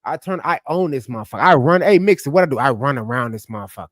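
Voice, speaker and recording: A man telling a story in casual podcast chat, loud and profane, animated, with sudden drops to mutters. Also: medium pitch, fast talker, no echo, clean studio sound. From United States.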